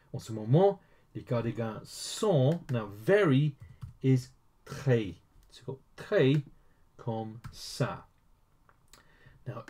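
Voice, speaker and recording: A man's voice: medium pitch, dark tone. A man teaching a language lesson step by step, spelling words out letter by letter in a methodical way.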